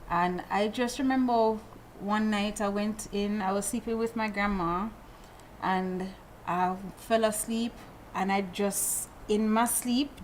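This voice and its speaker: A middle-aged woman, telling a personal story in a casual group chat, animated and prone to repeating phrases. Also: medium pitch, a little hiss or hum, rough recording.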